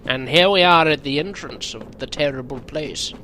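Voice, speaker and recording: A man's voice: fairly high pitch, normal speed, bright, forceful tone, a little hiss or hum. A man giving casual, sarcastic gameplay commentary, joking and swearing freely.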